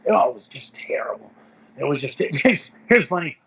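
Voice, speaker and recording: Husky-voiced middle-aged man telling stories. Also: on the high side, big pitch swings, normal speed, a bit bright, muffled recording. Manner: rambling anecdotes with self-corrections and chuckles. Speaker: interview guest, veteran powerlifter. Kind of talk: casual storytelling interview.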